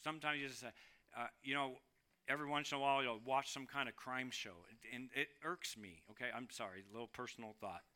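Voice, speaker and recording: A man's voice: medium pitch, brisk, sharp tone. A man preaching a sermon, with emphatic rises and sudden drops in volume. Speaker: pastor.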